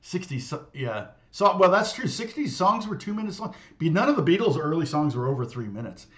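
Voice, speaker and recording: A man's voice: on the high side, very animated, fairly quick, fairly bright tone. A middle-aged man, a guitar teacher, chatting casually and rambling, with many fillers, restarts and laughs. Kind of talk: casual livestream chat.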